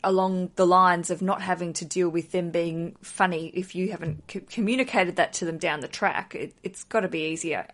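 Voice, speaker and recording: A woman's voice: lowish voice, steady tone, normal speed, few pauses, a bit bright. A woman hosting a podcast interview, chatty and enthusiastic, asking long rambling questions. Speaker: podcast host.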